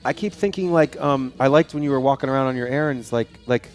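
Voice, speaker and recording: A man talks fast and rambles through animated stories in a casual chat. His voice sits at a medium pitch. Faint music plays behind him. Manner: rambling, animated storyteller with frequent laughs. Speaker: guest animator. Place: studio.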